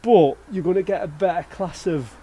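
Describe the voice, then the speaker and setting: A man's voice: high voice, moderate pace, warm tone, breathy edge, highs cut off. A man in his forties, a car dealer chatting to camera and giving friendly advice. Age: 40s. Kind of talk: casual presenting to camera.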